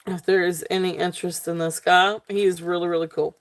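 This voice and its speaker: A woman's voice: lowish voice, flat delivery, fairly quick. A woman from Virginia with a Southern accent, hosting a live jewelry sale in a chatty, casual way full of fillers. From South Central Virginia, USA. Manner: chatty, many fillers, thanks viewers by name. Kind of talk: casual live-stream sales talk.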